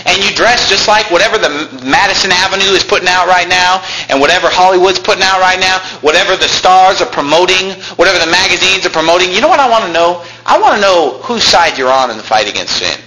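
A male pastor preaching a combative sermon, with big swings in pitch and loudness that climb to shouts. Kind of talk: fiery Baptist sermon. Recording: echoey room with faint noise.

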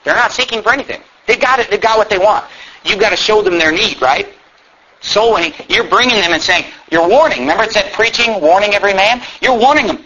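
A man's voice: high voice, animated, fairly quick, sharp tone, dull audio. A man preaching a fiery sermon as a pastor, emphatic and sarcastic, sometimes reading text aloud in put-on voices. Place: church.

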